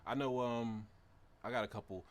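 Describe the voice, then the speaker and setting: A man's voice: medium pitch, steady tone, moderate pace. A young man in his twenties, a podcast co-host, speaking in a reflective and hesitant way during a casual discussion. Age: 20s.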